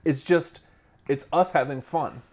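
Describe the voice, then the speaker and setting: A man co-hosting a casual podcast, speaking in halting restarts and swearing offhandedly. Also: a little high. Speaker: podcast co-host. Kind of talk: casual chat.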